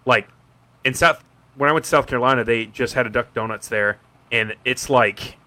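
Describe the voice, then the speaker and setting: A man's voice: mid-range voice, normal speed, bright, forceful tone. A man hosting a casual quiz chat, enthusiastic and emphatic, with slangy talk.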